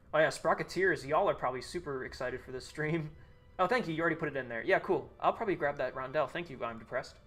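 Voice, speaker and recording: A man's voice: mid-range voice, fairly bright tone. A young man streaming live, thinking aloud, reading chat and restarting sentences as he goes.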